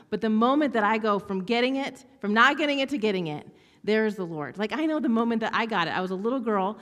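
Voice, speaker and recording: A woman preaching a sermon from a church stage, telling stories with lively swings between hushed whispers and bright exclaiming. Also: fairly high pitch, fast, big-room sound.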